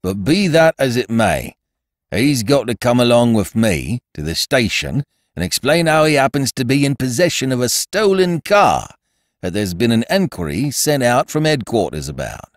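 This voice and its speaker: A man voicing a stolid, severe male village constable who speaks bluntly and gruffly. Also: medium pitch, very animated, moderate pace, no room sound, clean studio sound, voice pushed up, close to an everyday voice. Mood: stern.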